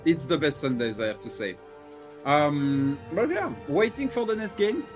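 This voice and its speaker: A man casting a live esports match, speaking with frequent filler hesitations and animated bursts. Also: on the high side, normal speed, soft background music. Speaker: esports caster. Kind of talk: live game commentary.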